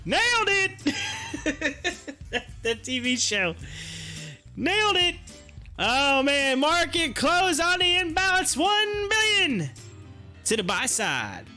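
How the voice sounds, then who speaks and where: Laughing, rambling stock-stream host, high bright voice. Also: male voice. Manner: rambling, laughs a lot, teasing chat viewers. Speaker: stock market livestream host. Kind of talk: casual live-stream chat.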